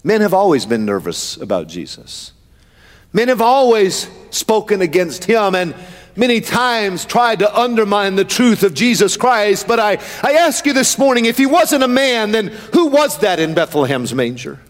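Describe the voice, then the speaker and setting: Man, preacher, high voice, chanted rhythmic sermon delivery, long church reverb. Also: big pitch swings, normal speed. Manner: rhythmic preaching that swells into a chanted, sing-song cadence.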